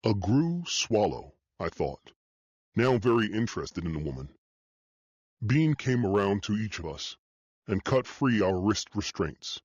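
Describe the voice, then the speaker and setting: A man narrating an audiobook in the first person, steady and measured. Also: lowish voice, husky, no echo, highs cut off.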